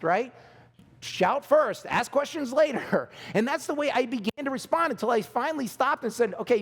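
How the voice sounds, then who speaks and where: Pastor, middle-aged man with a high voice, animated storytelling sermon, long hall reverb. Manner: animated storytelling, acting out both sides.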